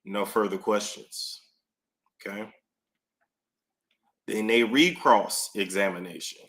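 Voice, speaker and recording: A man hosting a casual recap stream, reading out both sides of courtroom exchanges in an animated, playful way. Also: on the low side, takes it slowly. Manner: reads out both sides of courtroom exchanges, slipping in put-on voices.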